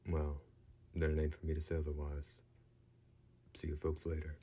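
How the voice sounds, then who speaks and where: A man's voice: very deep voice, monotone, moderate pace, warm tone, a little hiss or hum. A man voicing a wry male vampire hunter who talks in a laid-back, dry drawl.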